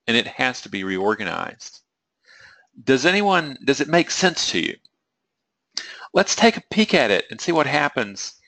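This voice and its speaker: Man, webinar lecture, gravelly, forceful bright tone, asks the audience questions. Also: mid-range voice, no echo. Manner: conversational, asks the audience questions, acts out traders' inner voices. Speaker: trading psychology coach.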